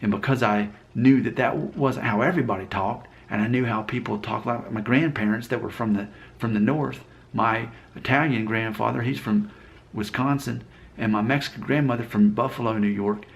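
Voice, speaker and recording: A man's voice: mid-range voice, moderate pace, gravelly. A man from Alabama talking casually to camera, rambling and self-deprecating as he thinks aloud. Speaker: vlogger. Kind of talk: casual talking-head commentary.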